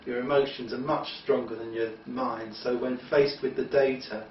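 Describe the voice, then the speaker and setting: A man's voice: mid-range voice, steady tone, moderate pace, a little hiss or hum. A man giving an opinionated, rambling monologue with emphatic restarts. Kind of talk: monologue talk. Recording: roomy, distant, dull lo-fi.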